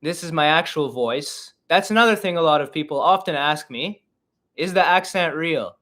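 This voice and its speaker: A man's voice: a little high, normal speed, bright, forceful tone. A man in his twenties from Canada, a comedian rambling and joking his way through a casual livestream Q&A. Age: 20s. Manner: rambling, joking, self-deprecating. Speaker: comedian and podcast host.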